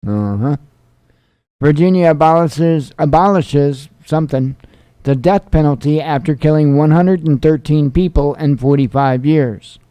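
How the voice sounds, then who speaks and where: A man's voice: fairly high pitch, fairly even intonation, moderate pace, dark tone, smooth, no room sound. Winded man reading news headlines. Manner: dry, sarcastic asides between headlines. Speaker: news show host.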